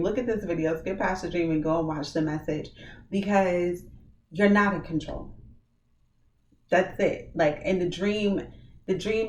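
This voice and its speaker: A woman of average pitch shares a dream and then preaches to her viewers in a loose, conversational way. She acts out what she said in the dream with lively bursts. The sound is roomy and a little distant from the mic, with a faint hiss behind her. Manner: animated storytelling, acts out her own dream dialogue. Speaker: ministry vlogger. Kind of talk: casual testimony and preaching.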